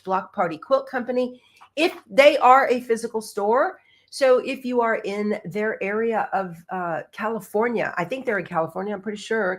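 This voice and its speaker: A middle-aged woman, hosting a quilting livestream in a bubbly, chatty way. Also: mid-range voice. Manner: chatty, bubbly, says y'all. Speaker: quilting show host. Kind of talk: casual livestream chat.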